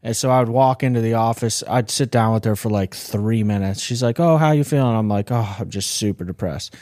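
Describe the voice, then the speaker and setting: A man's voice: fairly low pitch, a little mellow, no echo, clean studio sound. A man hosting a podcast, telling stories in a jokey, casual way. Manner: storytelling, jokey. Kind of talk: casual conversation.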